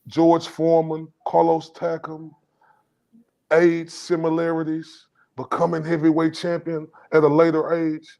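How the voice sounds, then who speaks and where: A man's voice: a little high, monotone, measured pace, darkish tone. A man hosting a podcast, asking a guest long, rambling questions. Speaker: podcast host. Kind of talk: interview questions. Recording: dull lo-fi sound.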